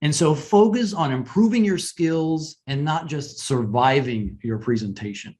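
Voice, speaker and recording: A man giving a webinar lesson on presentation skills in a conversational way, often asking "right?" and pausing to stress points. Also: a little high, darkish tone.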